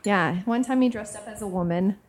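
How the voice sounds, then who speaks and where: A woman co-hosting a podcast in casual chat, dropping wry, quick quips. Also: medium pitch, darkish tone, a little hiss or hum. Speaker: podcast co-host.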